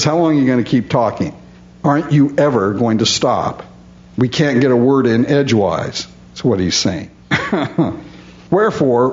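A man preaching a conversational Bible study, reading verses aloud and paraphrasing them with frequent chuckles. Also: medium pitch. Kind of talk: expository Bible teaching. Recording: dull lo-fi recording.

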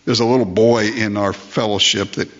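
A man's voice: on the low side, steady tone, normal speed, fairly bright tone, highs cut off. An older man preaching a sermon as pastor, emphatic, repeating phrases and asking rhetorical questions.

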